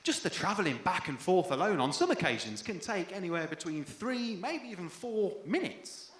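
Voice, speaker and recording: A young English man doing a stand-up comedy set on stage, dry and self-deprecating, with sudden loud outbursts. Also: high-pitched, sing-song, moderate pace. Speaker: first-time stand-up comedian. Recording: echoey live venue with faint room noise.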